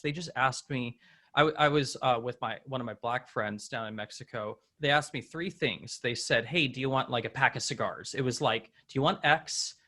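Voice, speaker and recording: A man hosting a podcast, chatting casually and telling animated travel stories, acting out the people he quotes. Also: medium pitch. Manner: many fillers and restarts. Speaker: podcast host. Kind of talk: casual conversation.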